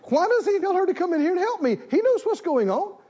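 A man's voice: extremely high pitch, big pitch swings, quick pace, dark tone, dull audio, voice pushed up. A man putting on a fretful, flustered Martha. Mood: exasperated. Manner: fretful, exasperated complaining. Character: flustered busy woman hosting, complaining, fretful.

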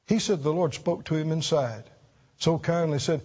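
A man preaching a sermon, earnest and emphatic, often repeating words and climbing high to stress a point. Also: normal speed, a little mellow, slightly rough. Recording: dull sound in a reverberant hall.

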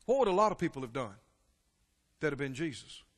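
Impassioned preacher in a reverberant hall. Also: male voice, sing-song, brisk. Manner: impassioned, rising to loud exclamations then dropping low. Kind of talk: sermon.

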